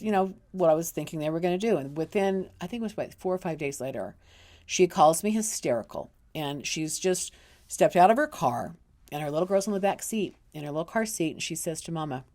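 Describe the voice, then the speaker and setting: A woman's voice: lowish voice, darkish tone. A middle-aged woman, an intuitive counselor, telling a personal story in a casual, earnest way, often restarting and repeating words.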